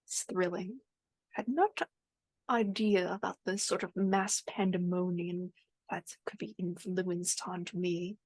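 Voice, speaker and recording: A woman playing a rattled male doctor who speaks in halting, broken phrases. Her voice stays at a middling pitch. The sound is dry and close-miked. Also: steady tone, dry recording, rough recording. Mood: wondering. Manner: halting, fragmented sentences. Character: male doctor, shaken yet thrilled. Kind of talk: tabletop role-play.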